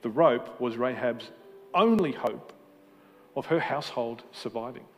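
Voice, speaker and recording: A man's voice: medium pitch, expressive, unhurried, a little hiss or hum. Passionate male preacher in a big hall. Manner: passionate, rising to emphatic peaks then dropping quiet; self-deprecating humor. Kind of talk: sermon. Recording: hall reverb with faint music.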